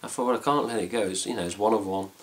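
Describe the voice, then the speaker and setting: Very fast and very low, his gravelly English voice carries a casual at-home chat for a fan site vlog. The story rambles in a relaxed way, packed with fillers and mild swearing.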